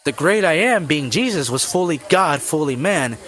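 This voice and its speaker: A man's voice: a little high, lively intonation, normal speed, fairly bright tone. A man hosting a Christian podcast, explaining scripture in an earnest, preacherly way and speaking straight to the listener. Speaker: podcast host.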